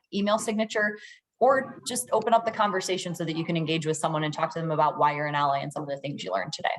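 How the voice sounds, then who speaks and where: A woman co-facilitator chimes in on a video call with a casual, chatty delivery. Her voice sits a little low, and she catches and corrects herself as she talks. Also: a bit bright.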